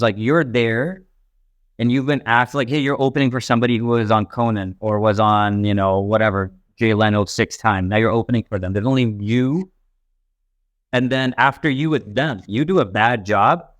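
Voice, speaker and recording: A young stand-up comedian from a Pakistani family who grew up in Texas, telling stories in a rambling, animated way full of fillers. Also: male voice, on the low side, no echo. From Pakistani family, raised in Texas, later Canada. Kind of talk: casual interview talk.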